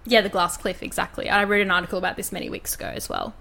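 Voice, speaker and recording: Casting: woman, podcast co-host, fired-up and sweary, mid pitch. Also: racing, vocal fry, pushed and bright. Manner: heated, swears, mimics politicians. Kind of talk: casual podcast chat.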